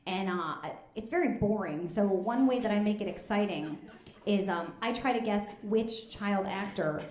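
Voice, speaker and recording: A woman, doing a deadpan, conversational stand-up comedy set on stage at a live fundraiser show. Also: medium pitch, moderate pace. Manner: deadpan, conversational, drops into asides. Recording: echoey room with loud audience noise.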